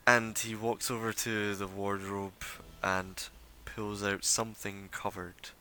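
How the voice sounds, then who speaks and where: Bright-voiced male game master. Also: lowish voice, level tone, a little hiss or hum. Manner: casual, rambling, with filler pauses. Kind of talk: narrating a tabletop game.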